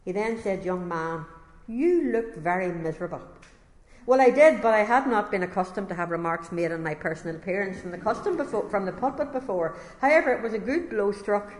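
A woman's voice: mid-range voice, fast, hardly any pauses. A woman preacher reads a testimony aloud and steps out of the text now and then for casual asides to her listeners. Her voice sits in the middle of the range and carries a long, roomy reverb. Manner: conversational asides between passages read aloud. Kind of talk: sermon with read-aloud testimony. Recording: echoey hall reverb.

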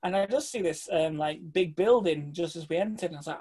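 A man telling a casual, animated travel anecdote, swearing freely and mimicking the people he met. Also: a little high, brisk, slightly rough. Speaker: guest telling a travel story.

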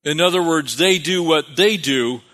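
A man's voice: on the high side, unhurried, pushed and bright. A man preaching a sermon as pastor, calling for amens and repeating phrases for emphasis. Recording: long reverb of a hall.

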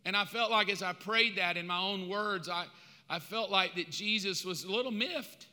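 Man, pastor, sermon, impassioned, high-pitched, very bright tone, long hall reverb. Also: moderate pace. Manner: impassioned, swings from loud preaching to quiet asides.

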